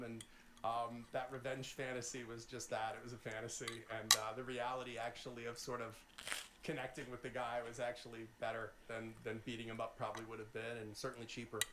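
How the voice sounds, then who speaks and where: Male guest, 50s, lively anecdote teller, echoey room. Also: medium pitch, fairly quick. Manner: animated, swears freely, lively quoted voices. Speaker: guest, lawyer. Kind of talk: casual storytelling. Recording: roomy echo, faint noise.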